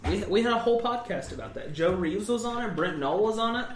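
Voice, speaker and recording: A man's voice: high voice, expressive, fast talker, hardly any pauses, a little hiss or hum. A young man co-hosting a casual podcast, rambling and upbeat, with lots of "like" and "um". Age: young adult. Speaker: podcast co-host. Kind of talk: casual chat. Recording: echoey room.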